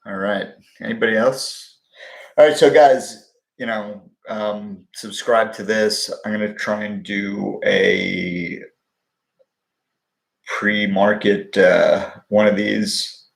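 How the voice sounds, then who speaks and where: A man's voice: fairly low pitch, slow, vocal fry, reverberant. A man hosting a live stream, answering viewers' questions in a blunt, profane, wisecracking way. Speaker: livestream host answering viewer questions on stocks. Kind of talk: casual live-stream chat.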